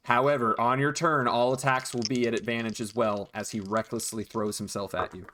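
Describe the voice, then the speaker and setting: A man narrating as dungeon master, relaxed, with frequent ums and restarts. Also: mid-range voice, fairly quick, a little hiss or hum. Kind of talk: narrating a tabletop game.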